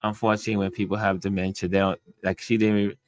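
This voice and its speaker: A middle-aged man hosting a casual livestream chat from home, talking in an easygoing, rambling way with soft laughs. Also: lowish voice, level tone, racing, no room sound. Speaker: livestream host reading chat.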